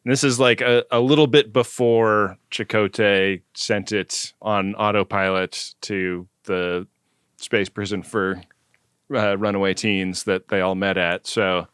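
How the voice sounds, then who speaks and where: Laid-back low-voiced man, resonant and dry. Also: steady tone, measured pace, fairly bright tone, clear, resonant tone, no room sound. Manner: laid-back, laughs often, many "like" fillers. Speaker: podcast co-host. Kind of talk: casual chat recapping a TV episode.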